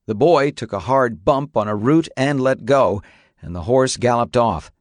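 A man narrating a story in a steady, measured audiobook reading. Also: medium pitch, no echo, studio quality.

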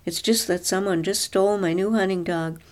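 A woman's voice: medium pitch, fairly even intonation, fairly quick, darkish tone, natural voice. A woman voicing a flustered grown man who apologizes earnestly. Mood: apologetic.

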